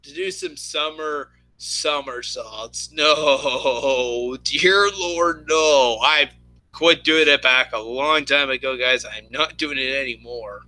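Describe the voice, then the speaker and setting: A man's voice: mid-range voice, unhurried, pushed and bright, no echo, low-quality recording. A man casually chatting with his viewers, rambling with lots of fillers and restarts. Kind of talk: casual chat.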